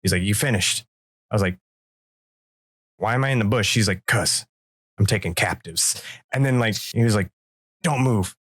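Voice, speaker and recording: A man's voice: on the low side, moderate pace, long pauses, fairly bright tone, slightly rough, dry recording, clean studio sound. A man co-hosting a podcast, telling a story in loose, profane chat and acting out the quoted lines. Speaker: podcast co-host. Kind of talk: casual storytelling.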